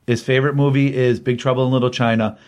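A man co-hosting a podcast in casual chat, talking in a rambling, halting way. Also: medium pitch, flat delivery. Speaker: podcast co-host.

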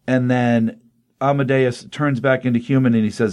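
A man casually retelling a comic book plot on a podcast, talking quickly with frequent ums. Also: medium pitch, steady tone, a little mellow. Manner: fast, rambling retelling with filler ums. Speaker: podcast co-host.

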